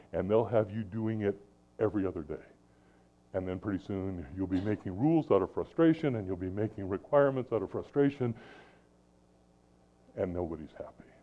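A middle-aged man preaching a sermon, animated, swinging between loud emphasis and soft asides. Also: deep voice. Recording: tinny phone-like sound.

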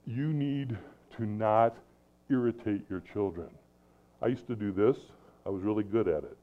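A middle-aged man delivers a sermon in a lowish voice, swinging between loud emphasis and soft asides. The sound is thin and narrow, like it's coming over a phone line. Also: moderate pace. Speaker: preacher.

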